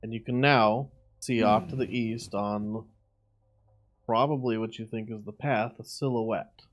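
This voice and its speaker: A man running a tabletop game as dungeon master, calmly describing the scene to his players. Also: lowish voice, unhurried.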